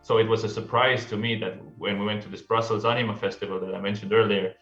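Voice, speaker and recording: A man, a filmmaker guest, talking in an excitable, chatty way with lots of restarts. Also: fairly low pitch, quick pace, distant mic, faint music behind. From Estonia. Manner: excitable, laughing, many restarts. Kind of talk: casual interview chat. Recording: roomy, dull remote audio.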